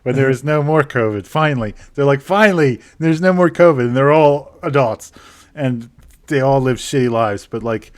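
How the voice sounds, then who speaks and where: A man's voice: medium pitch, moderate pace, smooth. A young man co-hosting a casual podcast chat, laughing and swearing as he acts out quoted voices. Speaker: podcast co-host.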